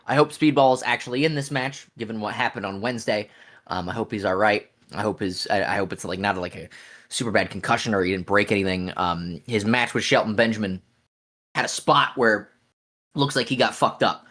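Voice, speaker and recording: A man gives his views bluntly in a casual podcast chat, swearing freely as he goes. His voice is bright and forceful, and he keeps it animated. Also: lowish voice, fairly quick. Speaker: podcast co-host.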